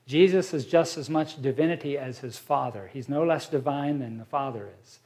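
A man's voice: medium pitch, a little mellow. Man teaching a Bible study. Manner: explains slowly, reads scripture aloud, with fillers.

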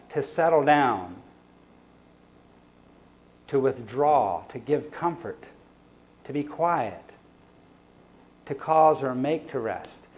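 Man preaching a slow, varied Sabbath sermon. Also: fairly high pitch. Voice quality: sighs for emphasis. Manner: varies pace and loudness, slows on key phrases, drops soft for quoted reflections.

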